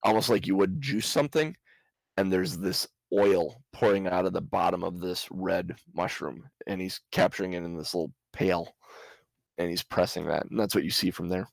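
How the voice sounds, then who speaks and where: Gravelly low-voiced man running a game. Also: moderate pace, no echo, poor audio. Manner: chuckles often while describing scenes. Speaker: game master. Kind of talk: narrating a tabletop game.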